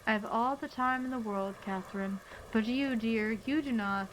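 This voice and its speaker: A woman's voice: on the high side, moderate pace, a little hiss or hum, natural voice, poor audio. Woman reading as a creepy, preachy old man. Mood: ominous.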